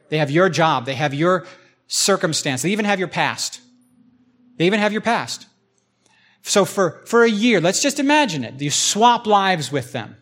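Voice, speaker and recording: Slightly high-voiced male pastor preaching. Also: a bit bright. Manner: conversational, acts out imagined voices. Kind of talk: sermon.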